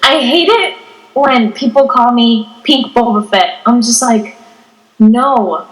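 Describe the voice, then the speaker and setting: Teen girl podcast cohost, kinda high voice, slow and giggly, echoey room. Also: expressive. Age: teens. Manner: giggly, chatty, acts out quotes. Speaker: podcast co-host. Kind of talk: casual chat.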